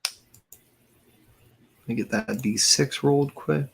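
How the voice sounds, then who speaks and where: A man's voice: mid-range voice, extremely slow, vocal fry, background noise. A man playing a tabletop game, joking and swearing casually as he takes his turn. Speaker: player.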